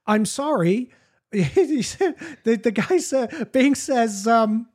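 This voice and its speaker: A woman's voice: a little high, expressive, slow pace, a little mellow. A woman podcast host giving profane, mocking comedic commentary while reading chat logs aloud.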